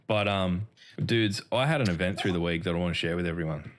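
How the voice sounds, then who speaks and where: An Australian man co-hosts a casual gaming podcast, swearing freely and laughing through his stories. His voice is deep and his pace quick.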